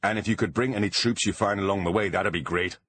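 Gruff stern bodyguard, deep, husky and curt, as a male narrator plays him; storybook audiobook. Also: quick pace, a bit bright, no room sound. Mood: commanding. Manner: curt, commanding.

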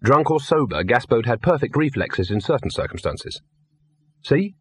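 A man reading a comic novel aloud as audiobook narrator, wry and measured. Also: medium pitch, sing-song, slightly rough. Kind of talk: scripted narration.

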